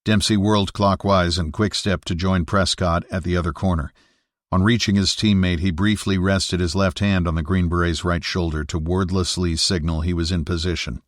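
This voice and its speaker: A man narrating an audiobook thriller in a steady, measured reading on a close studio mic. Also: low voice, no echo. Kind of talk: scripted narration.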